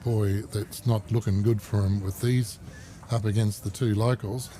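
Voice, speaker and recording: Lower-voiced aussie bloke cracking jokes on bowls commentary, noisy outdoors. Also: male voice, a little slow. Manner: jokey, bantering. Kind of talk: live sports commentary. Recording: outdoor mic with steady background noise.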